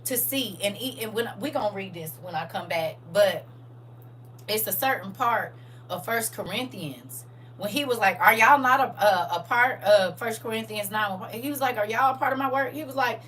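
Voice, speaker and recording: A middle-aged woman with a St. chatting casually with viewers on a livestream, telling animated stories and acting out her own reactions. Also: medium pitch, normal speed, recorded from a distance, slight background noise, rough recording. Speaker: livestream host.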